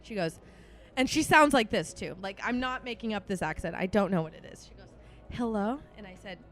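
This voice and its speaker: A woman's voice: medium pitch, brisk. A woman in her twenties hosting a casual podcast, telling a story with lots of swearing and acted-out quotes. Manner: animated, swearing, acts out quotes. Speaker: podcast host.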